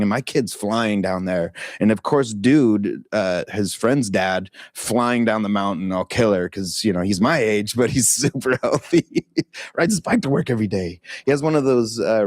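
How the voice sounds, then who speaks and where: A man's voice: on the low side, a little mellow, no echo, studio quality. A middle-aged man leading a meditation talk, telling a personal story in a candid, casual way with frequent swearing, laughter and fillers.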